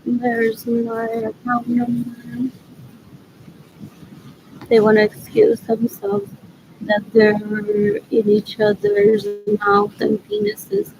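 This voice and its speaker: A woman's voice: a little high, drawn-out words, creaky, a little mellow, a little hiss or hum, poor audio. A middle-aged woman rambling to herself in a solo monologue, repeating phrases as she muses. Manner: repetitive, muttering to herself. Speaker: vlogger.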